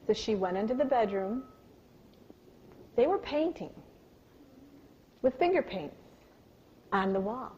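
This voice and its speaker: Animated, high-voiced woman workshop speaker. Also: a little slow, long pauses, highs cut off, a little hiss or hum. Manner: animated storytelling, asks the audience questions; acts out yelled lines in a high, loud voice. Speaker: parenting and communication speaker. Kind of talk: live workshop talk with personal stories.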